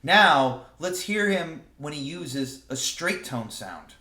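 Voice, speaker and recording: A man teaching saxophone in a relaxed, casual way, often stumbling over and repeating his words. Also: fairly high pitch, takes it slowly, soft background music. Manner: relaxed, explains with sung examples, repeats words. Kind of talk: casual music lesson. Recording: roomy echo.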